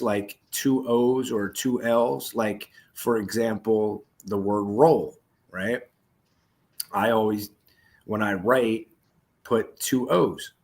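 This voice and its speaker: A man in his forties, co-hosting a podcast, tells rambling stories in casual chat, swearing often and laughing as he talks. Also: lowish voice. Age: 40s. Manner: profane, laughing, rambling storytelling. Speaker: podcast co-host.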